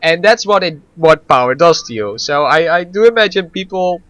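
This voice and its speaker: A man chatting casually on a gaming show, rambling along with stammers, restarts and frequent laughs. His voice sits a little high. The recording is dry and close. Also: lively intonation, normal speed, fairly bright tone, no echo. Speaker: gaming podcast co-host. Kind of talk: casual chat.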